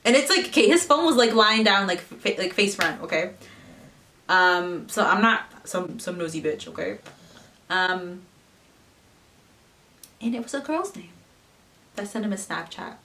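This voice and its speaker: A young woman in her twenties talks casually to her camera, swearing freely and putting on the voices of the people in her story. Her voice sits at a middling pitch and sounds a little distant from the mic. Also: animated, unhurried, long pauses, bright, forceful tone, a little hiss or hum. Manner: chatty, swearing, mimics others in quotes. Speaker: vlogger.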